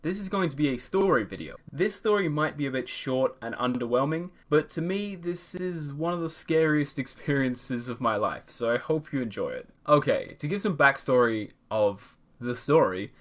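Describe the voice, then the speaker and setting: A man's voice: medium pitch, expressive, normal speed, few pauses, fairly bright tone. A man who tells a personal story in a casual vlog, hesitant and full of self-corrections, with self-deprecating humour. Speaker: vlogger.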